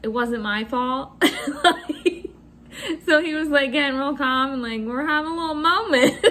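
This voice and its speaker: Very high-voiced, bright young woman. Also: unhurried. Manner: chatty, swears freely, giggly. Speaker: vlogger. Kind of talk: casual storytelling to camera.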